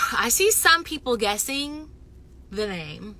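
Loud chatty woman streaming live. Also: fairly high pitch, takes it slowly. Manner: chatty and animated, swings between loud bursts and near-whispers; says she is loud. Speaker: reality TV personality going live. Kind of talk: casual livestream chat with viewers.

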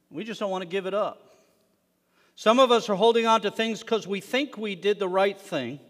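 A man preaching a sermon to his congregation, animated, swinging between loud emphasis and hushed asides. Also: a little high. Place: synagogue sanctuary. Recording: long reverb of a worship hall.

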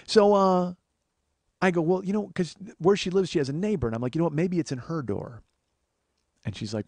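A man's voice: sits high, fairly quick, darkish tone, no room sound. A man hosting a podcast, telling a comedic story as a profane, exasperated rant. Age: 40s. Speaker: podcast host.

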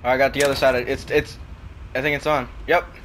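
A teenage boy playing a horror game with a friend, laughing, joking and yelling encouragement at him. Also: mid-range voice, flat delivery, brisk. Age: teens. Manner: laughs a lot, cheers his friend on, yells joking nicknames. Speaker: game player. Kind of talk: excited co-op gaming chat. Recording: noisy gaming mic.

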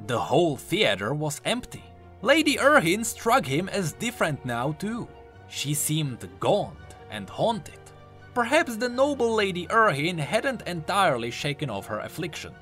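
A man narrating a dark story in a scripted, dramatic storytelling style. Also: on the high side. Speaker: lore narrator.

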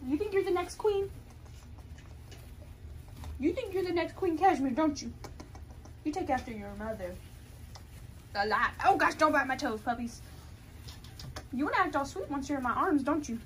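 A woman, chatting to puppies in a gushing baby-talk voice that jumps high into squeals. Her pitch is high and swings widely. Puppy noise fills the background. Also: animated, normal speed, pauses often. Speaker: dog breeder vlogger. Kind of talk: casual chat with puppies. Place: puppy pen with dogs.

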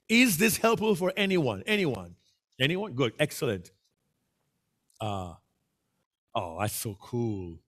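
A man from Jamaica with a Jamaican accent, leading an interactive speaking workshop and coaxing answers from the audience. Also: a little high. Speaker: workshop presenter. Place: meeting room with a hybrid online audience.

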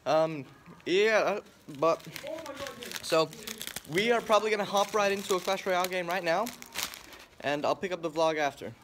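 A man's voice: high voice, normal speed, long pauses, fairly bright tone. Joking young man vlogging at school. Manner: joking, rambling, swears a lot. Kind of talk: casual school vlog. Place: school library and classrooms. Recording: noisy classroom chatter behind. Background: classmates chatting.

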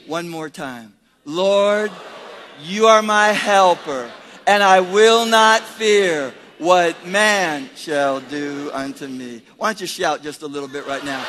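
A man preaching as pastor, leading a congregation in call-and-response and swinging between shouted praise and quiet prayer. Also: high-pitched, expressive, slow, slight background noise. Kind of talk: sermon.

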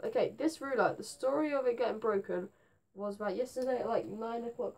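A teenage girl, rambling to camera in her bedroom; her voice is going hoarse, and she is scatterbrained and jumpy. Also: a little high, brisk, darkish tone. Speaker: gaming vlogger. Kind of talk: rambling casual vlog to camera.

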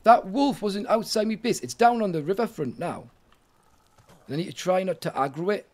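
A man's voice: sits high, normal speed. Chatty man gaming commentary. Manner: chatty, jokey, talks to himself and chat. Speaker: gaming streamer. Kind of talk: casual let's-play commentary.

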